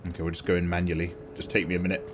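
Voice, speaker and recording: A man's voice: low-pitched, monotone, racing. A young man streaming a video game with casual commentary, joking and slipping into silly sing-song. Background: game music.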